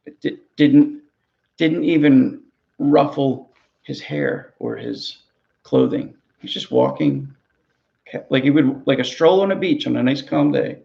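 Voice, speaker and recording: Gravelly man preaching a sermon. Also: mid-range voice, huge pitch swings, a little slow, highs cut off. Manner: earnest, conversational preaching with repeated words. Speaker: pastor.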